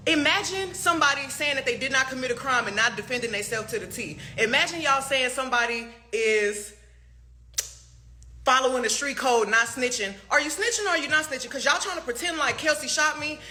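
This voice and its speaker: Woman, high and sharp, venting in a profane rant with rapid rhetorical questions and laughing asides. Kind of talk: heated social media rant.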